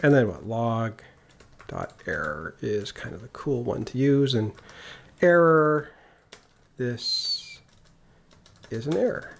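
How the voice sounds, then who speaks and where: A man's voice: mid-range voice, animated, slow, gravelly, long pauses. A man giving a casual, jokey coding tutorial, talking through each step as he types. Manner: casual and jokey, talks while typing code. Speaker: programming instructor. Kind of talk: screen-recorded coding tutorial.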